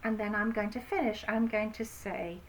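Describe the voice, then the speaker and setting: A woman with an English accent, an infant school teacher giving a slow phonics lesson to young children, sounding out words clearly. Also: medium pitch, fairly even intonation, a little hiss or hum, low-quality recording. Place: home, recording a home-learning video.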